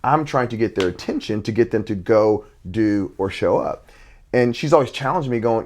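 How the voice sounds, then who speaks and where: Intense middle-aged coach, fast-talking. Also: male voice, medium pitch, animated. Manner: intense, talks in bursts with many restarts. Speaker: basketball coach and father. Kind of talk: casual conversation.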